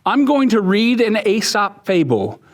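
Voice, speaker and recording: A man's voice: high-pitched, big pitch swings, unhurried, pitched above the performer's own voice. A man voicing a kind, encouraging woman schoolteacher in a picture book.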